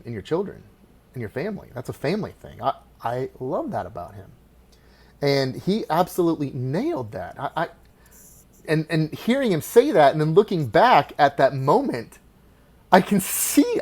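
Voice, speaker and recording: A middle-aged man hosts a solo sports podcast, his voice sitting at an ordinary middle pitch. He talks with passion and rambles, restarting his sentences often. He drops into quiet asides and then swells into loud, excited bursts. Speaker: podcast host.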